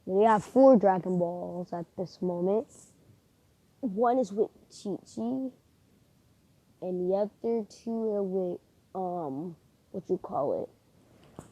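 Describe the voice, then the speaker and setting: A woman making up a fan story out loud, rambling and hesitant as she thinks of what comes next. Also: mid-range voice, takes it slowly, long pauses, poor audio. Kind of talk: improvised fan fiction narration.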